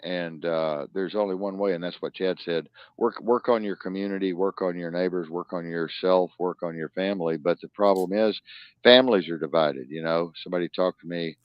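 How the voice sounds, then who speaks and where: A man hosting a live-stream news talk show, ranting in profane outbursts that swing from loud to low muttering. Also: fairly quick, no echo. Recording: dull lo-fi dry sound.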